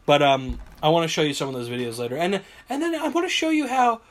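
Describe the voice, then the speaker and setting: A man's voice: fairly high pitch, quick pace. A man hosting a casual podcast, telling stories with lots of energy and acting out people's reactions, recorded on a phone. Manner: animated storyteller, acts out reactions and screams. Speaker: podcast host. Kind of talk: casual chat.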